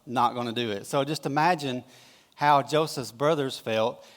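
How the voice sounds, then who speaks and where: Folksy preacher in a reverberant church. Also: male voice, medium pitch. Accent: Southern American. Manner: casual, folksy storytelling with quick acted-out quotes. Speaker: pastor. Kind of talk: conversational sermon. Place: church sanctuary. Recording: long hall reverb.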